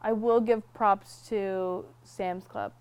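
A woman's voice: medium pitch, fairly even intonation, slow pace, a little mellow, clean tone. Young woman, podcast co-host, casual chat, teasing, playful banter. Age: young adult.

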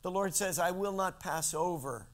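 A man from Central California delivers a sermon in a high, light voice. He swings his pitch and loudness up and down for drama and slows down on the lines he wants to land. He keeps asking his listeners questions. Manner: addresses listeners directly with questions. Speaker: pastor.

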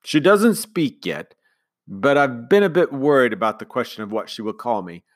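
A man voicing a polite, mournful, well-to-do widower in a storybook read-aloud, with formal, gentle speech. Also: medium pitch, big pitch swings, normal speed, pitched above the performer's own voice, lightly acted.

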